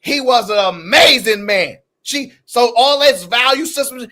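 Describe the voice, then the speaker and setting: Man w/ aave arguing on a stream, high bright voice, teasing and loud. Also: unhurried. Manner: animated, teasing, emphatic. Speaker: co-host. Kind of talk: heated casual debate.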